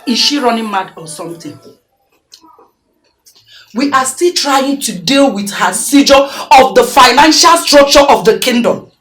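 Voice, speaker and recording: An actress playing a scornful, scheming wife urging bribery, speaking with a Nigerian accent. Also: female voice, a little high, expressive, measured pace, fairly bright tone. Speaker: politician's wife.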